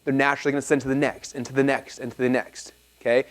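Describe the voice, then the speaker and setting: At a business seminar in an event hall, a man in his thirties tells stories to a live audience, animatedly acting out the dialogue. His voice is medium-pitched and flat in delivery, coming out rapid-fire.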